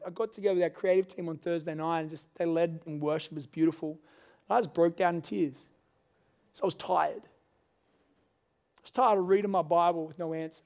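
A middle-aged man preaching a sermon as pastor, earnest and confessional, rising to loud pleading. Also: high voice. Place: church service.

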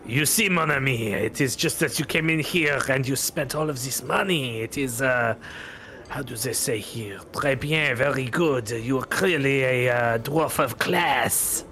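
Suave elf merchant, smooth and flattering with French-tinged phrases, as a man puts him on. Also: fairly high pitch, unhurried. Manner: French-flavoured polite flattery.

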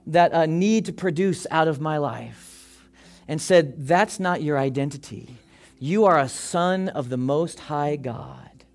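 A pastor preaching a sermon to his congregation, animated, acting out people's worries in quick quoted asides. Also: a little high.

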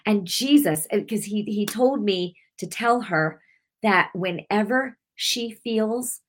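A woman's voice: mid-range voice, slow. A middle-aged woman preaching on her weekly broadcast, telling a personal testimony in an emotional, rambling way with many restarts. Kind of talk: heartfelt sermon with personal testimony.

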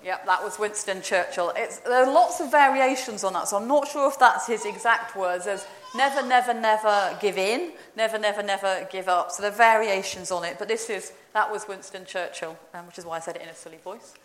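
A woman's voice: mid-range voice, fairly quick, hardly any pauses. A woman leading an informal all-age talk in a church service, chatty and playful as she quizzes the congregation. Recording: roomy church echo.

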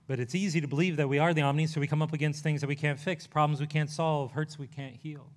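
A male pastor preaching a sermon in an earnest, conversational way, rushing through some phrases and slowing on others. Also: fairly high pitch, steady tone. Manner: earnest, conversational preaching with quick bursts and pauses.

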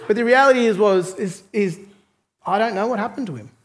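High-voiced pastor, animated storyteller. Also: male voice, a little fast, slight background noise. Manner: animated, chatty storytelling with laughs. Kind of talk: storytelling sermon.

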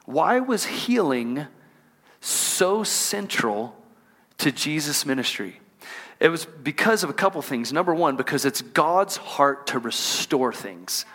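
A man preaching a sermon as pastor, reading scripture slowly and calling on the congregation to repeat after him. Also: a little high, fairly bright tone. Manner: call-and-response preaching, asks the congregation to repeat lines; drawn-out emphatic scripture reading. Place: church auditorium.

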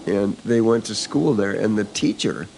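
An older man with a low voice tells local history in a loose, rambling manner, often restarting his sentences. He sits in the back room of a country store by a wood stove, with a faint hiss behind him. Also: expressive, normal speed, creaky, a little mellow. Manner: rambling, full of restarts and asides. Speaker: store owner and organic farmer. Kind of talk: casual conversational storytelling.

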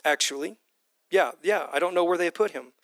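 A middle-aged man preaching a sermon in an animated way, repeating key phrases for emphasis. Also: fairly high pitch, brisk. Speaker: pastor.

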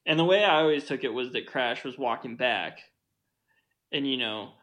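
A man's voice: mid-range voice, moderate pace, fairly bright tone. A young man co-hosting a podcast, chatting casually about a film, rambling with lots of fillers and frequent laughter. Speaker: podcast co-host.

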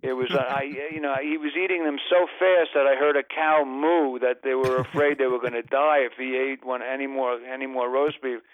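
A man's voice: mid-range voice, steady tone, a little fast, hardly any pauses, no room sound, phone-quality sound. An older man, a comedian, telling a long rambling story as a radio interview guest, breaking off mid-sentence and throwing in exasperated asides.

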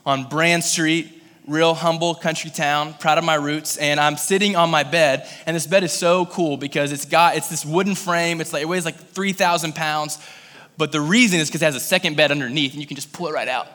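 This is a Kentucky man delivering a sermon in a large hall, his voice a little high and a little fast, bright and forceful yet steady in tone. As a pastor he keeps things conversational, with lots of fillers in his storytelling, though prayerful moments become intense and pleading.

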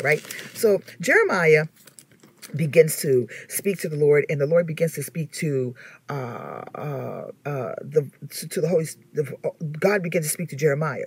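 A woman minister giving an informal teaching sermon, telling stories with lively rhetorical asides and frequent restarts. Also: sits low, husky, dry recording. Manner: animated storytelling with rhetorical asides and laughter; frequent repeated words and restarts.

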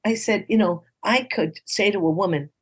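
A New York City comedian in her sixties tells stories as a podcast guest, lively and encouraging, building toward punchlines and often acting out quoted dialogue in playful voices. Her voice sits in the mid range with a breathy edge, and she speaks at a moderate pace in this casual interview.

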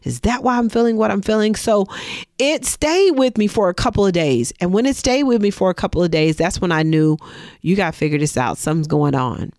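A woman's voice: lowish voice, a little fast, no echo, studio quality. A middle-aged woman, a business owner, tells a personal story in a monologue and acts out the dialogue. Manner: expressive, acts out quoted dialogue.

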